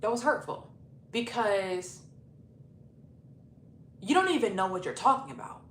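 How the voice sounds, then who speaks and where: A woman's voice: medium pitch, measured pace. Chatty young woman telling a story. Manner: animated, chatty, profane, laughing storytelling. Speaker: YouTube storyteller. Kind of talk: casual storytime vlog. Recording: roomy echo, faint noise.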